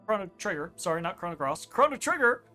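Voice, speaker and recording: A woman co-hosting a let's play, chatting casually with emphatic, animated delivery and some swearing. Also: lowish voice, fast, faint music behind. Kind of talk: casual chat over gameplay.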